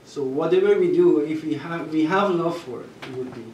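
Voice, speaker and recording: A man with a Persian accent and Persian as his first language, telling personal stories at a gathering, halting and restarting, with soft laughs. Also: fairly high pitch, dull audio, a little hiss or hum. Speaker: storyteller at a gathering. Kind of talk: personal storytelling. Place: gathering room. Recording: echoey room, mic far off.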